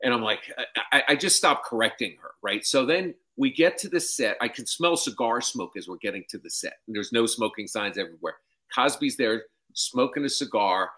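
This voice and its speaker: Animated, profane man telling a comic story. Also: mid-range voice, normal speed. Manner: animated, profane, repeats "I'm like". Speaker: comedian storyteller.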